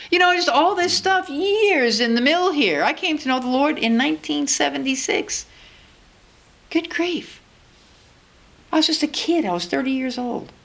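A woman's voice: high-pitched, a bit bright. A woman in her sixties preaching a sermon in a church, earnest and personal, acting out her own talks with God. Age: 60s.

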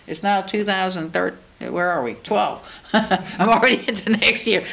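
A woman's voice: medium pitch, expressive, normal speed, gravelly, a bit bright. A woman in her sixties preaching a sermon in a church, earnest and personal, acting out her own talks with God. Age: 60s.

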